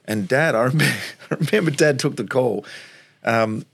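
An Australian man in his forties from Tasmania, a former footballer telling animated stories in an interview, laughing often and acting out what people said. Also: mid-range voice, normal speed, vocal fry, slightly rough, dry recording. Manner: animated storyteller, acts out quotes, laughs often. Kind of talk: storytelling interview.

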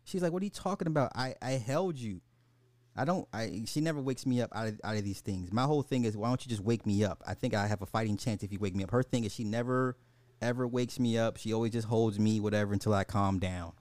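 A man's voice: fairly low pitch, quick pace, darkish tone, dry recording. A man in his forties hosting a podcast, telling stories casually and with animation, swearing and laughing as he goes. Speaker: podcast host. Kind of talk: casual storytelling over a live game.

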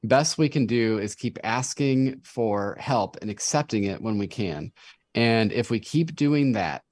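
A man's voice: mid-range voice, measured pace. A man co-hosting a podcast, chatting casually about a TV episode and reading favorite quotes aloud with enthusiasm. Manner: enthusiastic, reads quotes aloud in animated voices. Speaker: podcast co-host.

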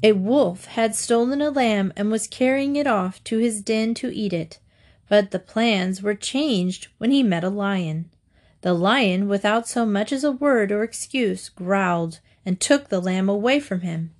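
A woman reads fables aloud at a slow, unhurried pace, pitched in an ordinary middle range. Her storytelling is measured and deliberate, and she gives each moral its own pause.

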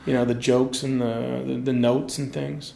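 A man's voice: mid-range voice, level tone, moderate pace, creaky, a little mellow, roomy sound, a little hiss or hum. A man, a designer, in a loose, rambling podcast chat, swearing freely. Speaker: graphic designer guest. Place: campus room with posters.

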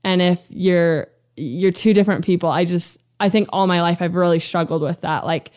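A woman's voice: on the low side, fairly even intonation, normal speed, darkish tone. A woman in her thirties, an interview guest chatting casually, laughing often and using lots of "like" fillers. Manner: bubbly, laughing storyteller with many "like" fillers. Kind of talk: casual chat.

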